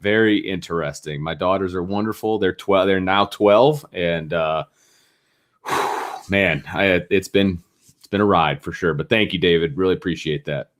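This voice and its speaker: Low-voiced easygoing middle-aged man. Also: moderate pace, fairly bright tone. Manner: easygoing, agreeable, hesitant fillers. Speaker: podcast co-host. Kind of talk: casual sports talk.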